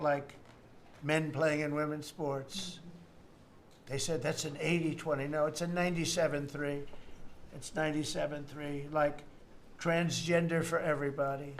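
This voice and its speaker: Speaking off the cuff in an indoor meeting room, a 70-something US politician rambles, repeats himself and boasts, tossing in mocking asides. His voice is a little high and gravelly, with a faint hiss or hum.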